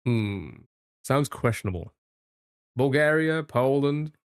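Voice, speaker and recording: A man with a mid-pitched voice chatting casually on a live stream. He thinks out loud as he guesses and jokes with his viewers, and his voice sounds close and dry with no room around it. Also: expressive, slow, clear, resonant tone, no echo. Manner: thinks aloud while guessing, chatty and joking with chat.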